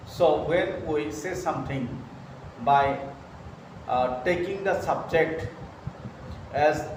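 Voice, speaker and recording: Guy teaching english grammar real slow, keeps repeating stuff and saying okay, far from the mic in a super echoey room, noisy. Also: a little high. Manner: slow, repeats phrases, says "okay" often. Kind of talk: slow grammar lesson at a whiteboard.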